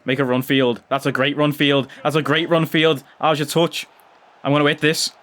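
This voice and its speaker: A man giving chatty gameplay commentary as a gaming YouTuber, bursting into loud cheers on goals. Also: on the high side, flat delivery, normal speed.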